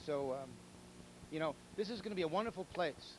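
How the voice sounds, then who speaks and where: A man's voice: a little high, lively intonation, brisk, slight background noise, poor audio. A man hosting a telethon, rambling through jokes and appeals with repeated words and chuckles. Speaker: telethon host. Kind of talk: casual joke-telling and fundraising appeal.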